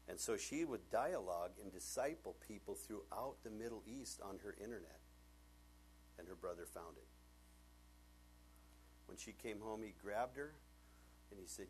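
A man preaching a sermon as pastor, telling stories and swinging from hushed tones up to near shouting. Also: fairly low pitch, a little hiss or hum.

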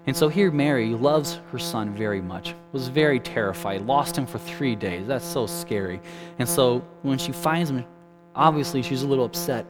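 A man delivers a sermon in a relaxed, conversational way, talking at an ordinary middle pitch. He keeps turning to his listeners with questions and slips in frequent asides. Music plays clearly behind his voice the whole time. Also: moderate pace, low-quality recording. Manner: casual, many asides, asks the listeners questions. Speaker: preacher.

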